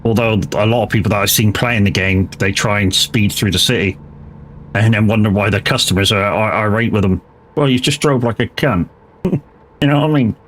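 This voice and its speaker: Talking a little fast in a low-ish, fairly bright voice, this English streamer chats casually as he livestreams a driving game. He's rambling and chatty, swears freely, and there's slight background noise.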